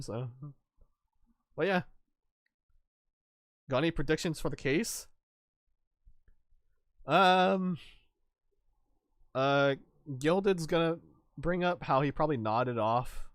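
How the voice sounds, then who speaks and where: A man's voice: medium pitch, no echo, clean studio sound. A young man streaming a game, chatting casually in a rambling way, laughing, swearing and acting out quotes. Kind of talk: casual gaming stream chat.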